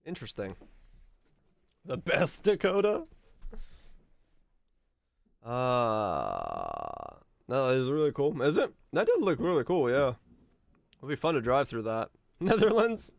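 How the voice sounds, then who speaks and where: A man's voice: medium pitch, huge pitch swings, slow pace, vocal fry, long pauses, no room sound. A man streaming a geography guessing game, chatting casually and musing aloud, with easy laughs and the odd swear. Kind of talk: casual live-stream chat while playing a geography game.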